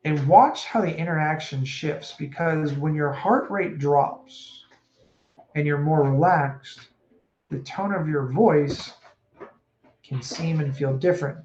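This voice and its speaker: A man coaching casually on stress and breathing, animated and acting out quoted speech. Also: fairly high pitch, slow. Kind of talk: casual advice talk. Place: home room with a puppy. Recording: echoey room, dull sound, faint noise.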